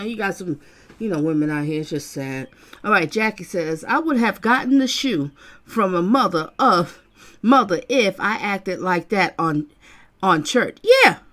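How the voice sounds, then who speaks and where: A woman hosting her channel, commenting casually and with exasperation as she reacts to a video and reads out viewer comments. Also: medium pitch. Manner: exasperated, animated, talks back at the screen. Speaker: channel host reacting to trial footage.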